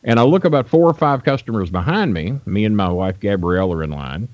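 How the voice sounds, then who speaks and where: On an interview show, a wrestling manager from Louisville, Kentucky, tells meandering, profanity-laced stories in a lowish, expressive voice at a fairly quick clip. The audio sounds dull and dry, without any room sound.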